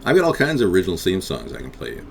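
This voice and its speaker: A man's voice: low-pitched, huge pitch swings, racing, vocal fry, background noise. A man hosting a live interactive talk stream, rambling and combative as he answers chat.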